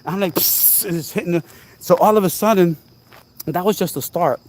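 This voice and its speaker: A man vlogging outdoors at night, telling a story in an animated, repetitive, exclaiming way, now and then coughing. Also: sits high, brisk. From New Jersey. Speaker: channel host. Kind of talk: casual storytelling vlog.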